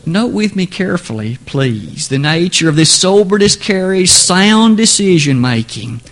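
A man's voice: high-pitched, very animated, measured pace. A man preaching an earnest, emphatic sermon in a church, building to exclamations on key words.

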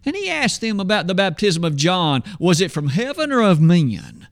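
Guy preaching a sermon, kinda high voice, dead dry sound, lots of rhetorical questions. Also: big pitch swings, normal speed, no echo. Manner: rhetorical questions, dramatic pitch swings when quoting scripture.

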